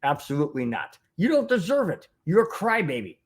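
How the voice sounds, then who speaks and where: A man's voice: fairly high pitch, big pitch swings, a little fast. Fired-up man ranting on a sports podcast. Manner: rambling and indignant, with many restarts and repeated phrases. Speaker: podcast host reading live chat. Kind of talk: heated sports recap with chat.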